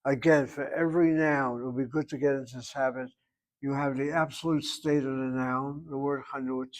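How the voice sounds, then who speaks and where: A man's voice: mid-range voice, steady tone, normal speed, poor audio. Opinionated male Hebrew teacher explaining grammar. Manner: emphatic, opinionated, explains step by step. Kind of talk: classroom grammar lesson.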